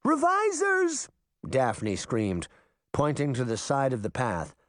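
A man narrating a storybook chapter in a lively, expressive reading. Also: medium pitch, measured pace, no room sound, clean studio sound. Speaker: audiobook narrator. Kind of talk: scripted narration.

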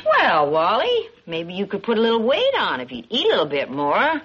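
An actress playing a gentle, caring suburban housewife and mother in 1950s sitcom style, speaking in a soft, coaxing way. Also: medium pitch, huge pitch swings, moderate pace. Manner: soft, coaxing, sing-song. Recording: dull noisy 1950s TV sitcom audio.

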